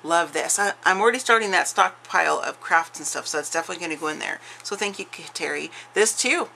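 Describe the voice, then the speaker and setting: A woman with a fairly low, gravelly and bright voice talks through a craft unboxing at home. She gushes and restarts her sentences, and her words come out a little slurred from facial numbness. A faint hiss sits behind her. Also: quick pace, low-quality recording. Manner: chatty, gushing, with frequent restarts. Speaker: craft vlogger. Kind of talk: casual unboxing chat.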